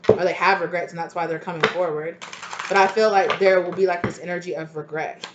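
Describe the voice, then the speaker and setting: A woman's voice: lowish voice, steady tone, fairly quick, roomy sound, lo-fi sound, heavy background noise. A woman giving a casual tarot reading, chatty and loose, often trailing off and restarting her thoughts. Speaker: tarot reader.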